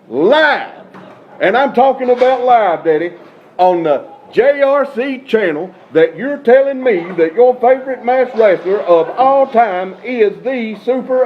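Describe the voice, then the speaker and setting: A man's voice: high-pitched, expressive, slow pace, phone-quality sound, slight background noise. A man being interviewed as a wrestler, talking in a brash, hyped wrestling-promo style.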